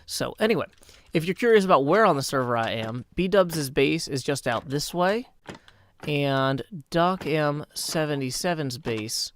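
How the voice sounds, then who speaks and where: Hoarse man chatting through a game stream. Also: mid-range voice. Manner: rambling, chatty, answers chat mid-thought. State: hoarse morning voice. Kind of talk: live-streamed game commentary.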